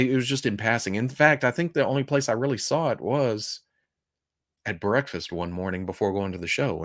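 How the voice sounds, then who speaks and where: A man with a Southern US accent hosts a live show and talks loosely with his chat. His voice sits on the low side. He rambles and chuckles often, poking fun at himself. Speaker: podcast host. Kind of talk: casual livestream chat with viewers.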